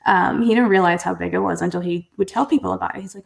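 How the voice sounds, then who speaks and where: A woman's voice: lowish voice, rapid-fire, vocal fry, few pauses. A young woman telling her story as a podcast guest, earnest and candid, often restarting sentences and acting out family members as she quotes them. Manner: earnest, frequent restarts and "like", quoting family in lively voices.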